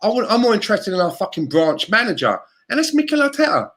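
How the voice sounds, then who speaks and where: Brit co-host, slightly high voice, heated and sweary, casual podcast rant. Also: male voice, sing-song, fast talker, fairly bright tone.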